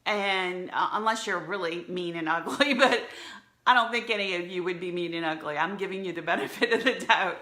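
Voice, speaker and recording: A woman's voice: lowish voice, fairly quick, pushed and bright. Woman chatting on a phone livestream, earnest, laughs a lot, roomy echo. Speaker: church media director. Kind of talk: heartfelt live video talk. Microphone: phone camera for a live stream. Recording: echoey room.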